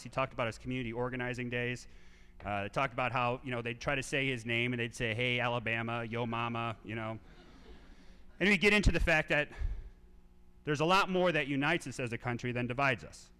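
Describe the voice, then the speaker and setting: A man in his thirties telling animated stories to a live audience from a theater stage, acting out voices. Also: mid-range voice, quick pace, smooth. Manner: animated anecdotes, acts out quoted voices. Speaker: speaker at a civic event. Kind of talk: storytelling talk to a live audience. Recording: reverberant theater sound.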